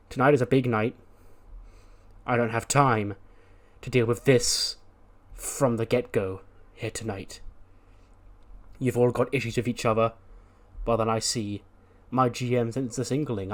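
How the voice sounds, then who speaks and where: A man's voice: medium pitch, close to an everyday voice. A man voicing a bossy female general manager who gives orders and announces matches. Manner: commanding, announcing.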